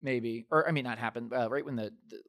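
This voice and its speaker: A man's voice: mid-range voice, fast, a bit bright. Rambling casual man telling stories. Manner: rambling storyteller, many fillers and restarts; swears casually. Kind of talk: casual chat.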